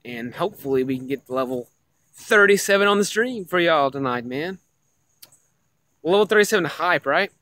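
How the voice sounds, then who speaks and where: Excitable young man streaming a mobile game. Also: on the high side, moderate pace. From Tennessee. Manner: excitable, repeats himself, addresses chat as guys. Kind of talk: casual live-stream gaming chat.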